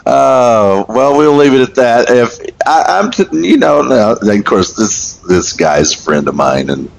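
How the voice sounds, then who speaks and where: A man's voice: mid-range voice, sing-song, a little slow, gravelly, low-quality recording. A man in his sixties co-hosting a podcast in casual, easygoing chat, often chuckling and teasing. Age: 60s. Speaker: podcast co-host, ministry founder.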